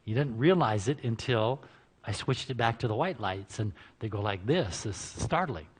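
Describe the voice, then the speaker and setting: A man's voice: fairly low pitch, expressive, moderate pace, slightly rough. Chatty joking man in a reverberant hall. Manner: joking, chatty, laughs at his own lines. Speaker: health seminar presenter. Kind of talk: informal lecture at a church health seminar. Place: church hall before an audience.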